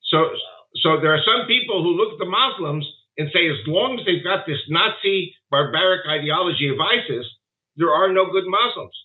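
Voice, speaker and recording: A man's voice: on the high side, lively intonation, moderate pace. A man being interviewed remotely, talking emphatically and wandering from point to point as he makes his case. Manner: emphatic, digressive storytelling. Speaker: guest commentator. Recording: tinny phone-like line.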